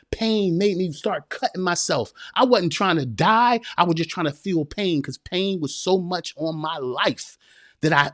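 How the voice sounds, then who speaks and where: Pitched fairly high, the voice belongs to a men's coach in his forties guesting on a podcast. He gives an impassioned, preachy motivational talk, hammering phrases again and again and using street slang. Dry, studio-quality recording.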